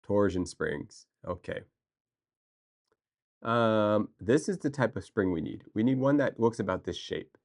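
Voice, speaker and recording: A man livestreaming, chatting casually and excitably with viewers, rambling with restarts and answering chat. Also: fairly low pitch, unhurried.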